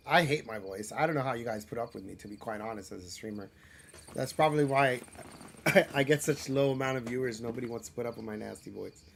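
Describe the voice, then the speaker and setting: A man chats casually through a live game stream at an ordinary middle pitch. He rambles and runs himself down, stumbling over restarts and fillers as he talks. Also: fairly bright tone. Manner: chatty, rambling and self-deprecating; frequent restarts and filler words. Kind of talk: casual live gameplay commentary.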